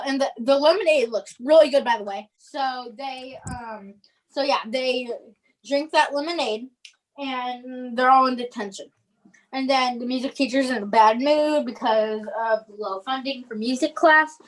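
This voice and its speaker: A woman's voice: sits high, distant mic, rough recording. A young woman casually retelling a movie plot as co-host, with lots of fillers and restarts. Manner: rambling, filler-heavy retelling. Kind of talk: casual chat.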